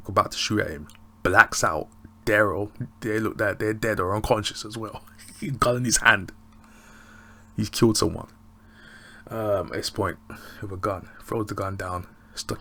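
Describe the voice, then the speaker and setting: A man giving a casual, rambling recap of a TV episode, excitable and often laughing. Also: on the low side, gravelly. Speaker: TV show reviewer.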